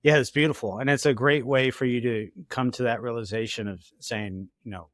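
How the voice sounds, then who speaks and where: A male podcast host talks in a reflective, soft-spoken way, sometimes a little choked up. His pitch is in the middle range. The recording is close and dry. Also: fairly even intonation, a little fast, hardly any pauses, no room sound. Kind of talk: casual interview chat.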